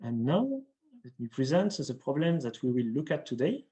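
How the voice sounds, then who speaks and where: Young man, from France, math seminar lecture, careful halting delivery, frequent restarts, video call, medium pitch. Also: sing-song, mellow, poor audio. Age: young adult. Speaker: invited speaker at a math seminar. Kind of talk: academic lecture.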